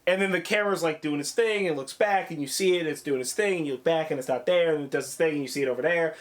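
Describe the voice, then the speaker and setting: Man, slightly high voice, casual film review chat, excitable, swears a lot, acts out scenes. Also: fast talker. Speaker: podcast co-host reviewing films.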